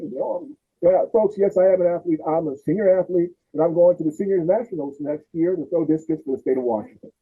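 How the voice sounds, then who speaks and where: A man's voice: sits high, fast talker, husky. A man in his sixties, a podcast host telling family stories and acting out his relatives' voices. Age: 60s. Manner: animated, acts out relatives' voices. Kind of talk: storytelling in casual chat. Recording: tinny phone-like audio.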